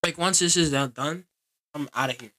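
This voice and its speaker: A man's voice: on the high side, moderate pace, pushed and bright. A man giving casual gaming commentary, grumbling and complaining in an exasperated way. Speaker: gaming video creator.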